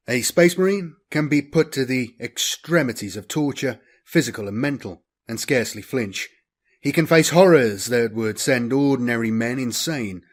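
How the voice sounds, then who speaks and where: Narrating a sci-fi novel for an audiobook, the man keeps a normal speed and medium pitch. He reads in a steady, dramatic manner, frequently letting his voice fall softer as phrases close.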